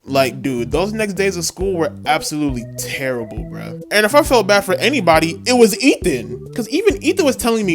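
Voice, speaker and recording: A man's voice: sits high, sing-song, a little fast, few pauses. A young man narrating a comedic story from his school days in a casual, slangy, self-mocking way. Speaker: storytime vlogger. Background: music.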